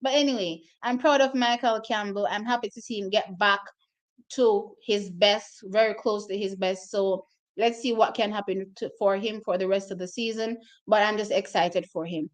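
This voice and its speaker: A woman's voice: mid-range voice, fairly even intonation, moderate pace. A woman hosting her own track and field channel, talking casually and directly to her viewers about race results, openly emotional as she goes.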